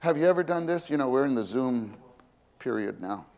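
A man's voice: medium pitch, animated, a little fast, a little mellow. A man preaching a sermon in a conversational way, asking his listeners questions and acting out quoted voices.

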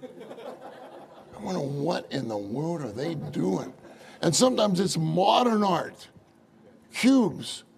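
A man preaching a sermon in an animated way, often asking the audience rhetorical questions and chuckling through his stories. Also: a little high, slow pace, vocal fry. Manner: chuckles often while telling anecdotes.

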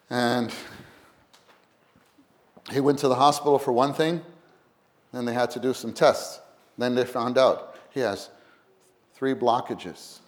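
A man preaching a sermon, animated, swinging from loud to hushed and acting out little quotes. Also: mid-range voice.

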